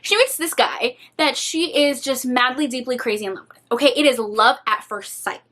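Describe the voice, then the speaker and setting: Young female book vlogger, high-pitched, expressive and dramatic, casual swearing. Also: moderate pace. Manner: animated, dramatic, swears freely. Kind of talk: casual reading vlog chat.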